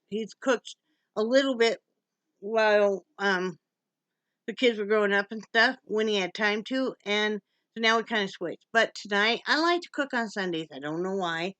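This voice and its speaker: A woman's voice: mid-range voice, a bit bright, dry recording. A middle-aged woman from Wyoming chatting casually in a home vlog, laughing often and cooing to her dog. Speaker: vlogger.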